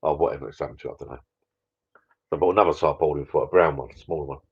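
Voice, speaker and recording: A man's voice: rumbling low, rapid-fire, breathy edge, lo-fi sound. A man hosting a casual live stream, rambling chattily and reading out viewer comments.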